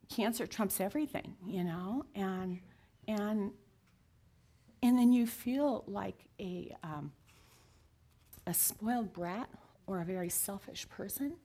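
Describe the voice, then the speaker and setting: A woman's voice: mid-range voice, warm tone. A woman in her sixties telling her story in an interview, earnest and heartfelt, at times dropping to a near whisper. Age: 60s. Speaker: guest sharing her story. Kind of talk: confessional interview talk.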